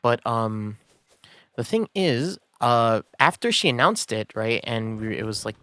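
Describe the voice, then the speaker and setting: A man's voice: medium pitch, big pitch swings, unhurried, fairly bright tone, clean tone, dry recording. A man streaming a game, telling a story in a casual, rambling way with many fillers and restarts. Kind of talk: casual storytelling while gaming.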